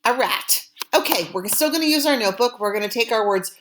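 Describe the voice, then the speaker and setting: A woman teaching French vocabulary, saying each word clearly and repeating it for students to copy. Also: a little high, animated, fairly bright tone, slight background noise. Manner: slow, deliberate, repeating words for students. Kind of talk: language lesson drills.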